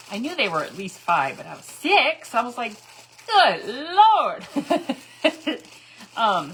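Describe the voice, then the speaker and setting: A middle-aged woman chats through a crafting live stream, greeting viewers by name between rambling stories. Her voice is bright and sharp, with a pitch that jumps around a lot. She laughs often as she talks. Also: a little hiss or hum, rough recording. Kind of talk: chatty storytelling while dyeing eggs.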